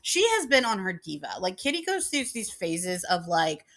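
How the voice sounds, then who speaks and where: A woman's voice: mid-range voice, sing-song, normal speed, a bit bright. A woman vlogging in a casual chat, rambling and giggly, filling her talk with "like". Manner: rambling, giggly, heavy use of "like".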